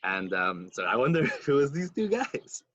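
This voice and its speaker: A man co-hosting a podcast, telling a story in a casual, animated way and acting out the quotes. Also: normal speed, dry recording, dull audio. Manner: animated storyteller, acts out quotes with big pitch jumps. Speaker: podcast co-host.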